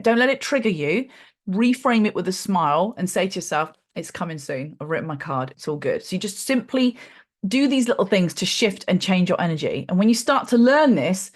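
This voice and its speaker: British woman, 40s, informal coach voice, mid-range pitch, chatty with asides. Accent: British English. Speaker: dating and manifestation coach. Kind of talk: live online masterclass talk.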